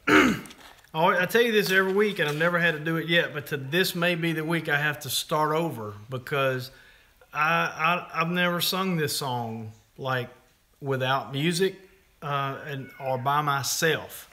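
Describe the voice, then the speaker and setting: A man's voice: on the high side, measured pace, sharp tone. A man co-hosting a casual live stream, rambling and breaking off his sentences with jokes. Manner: rambling, self-interrupting, jokey. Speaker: podcast co-host.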